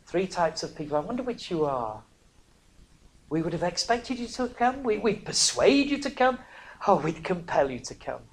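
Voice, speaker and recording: A preacher, giving a sermon that swings from hushed near-whispers to loud, emphatic cries, broken by chatty, self-mocking asides. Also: mid-range voice, sing-song, normal speed. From northern England.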